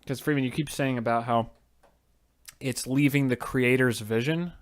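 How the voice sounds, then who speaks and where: A man co-hosting a casual podcast over a voice call, arguing in an animated way and stammering when he gets excited. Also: mid-range voice, normal speed. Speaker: podcast host. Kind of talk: casual chat.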